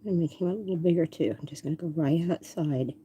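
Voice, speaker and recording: A woman's voice: low-pitched, fast talker, mellow, slight background noise. An older woman artist who chats casually and talks to herself while she demonstrates drawing.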